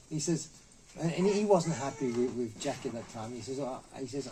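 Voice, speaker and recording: A man's voice: medium pitch, expressive, normal speed, dark tone, a little hiss or hum, low-quality recording. A middle-aged man, a martial artist guest in an interview, telling stories animatedly and acting out the quotes in a raised voice. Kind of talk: anecdotal storytelling.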